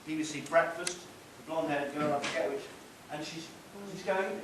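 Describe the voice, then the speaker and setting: A man's voice: fairly high pitch, steady tone, moderate pace, few pauses. A man giving an informal public talk, conversational and wry, wandering off on asides. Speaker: public speaker. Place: meeting hall. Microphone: distant room mic. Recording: roomy hall, distant mic, faint hiss.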